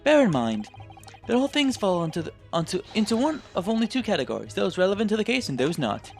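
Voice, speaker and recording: A man's voice: high-pitched, sing-song, fast, gravelly, soft background music, voice pushed up, full character voice. A man voicing a pompous, confident detective in a game, lecturing in formal, old-fashioned phrasing.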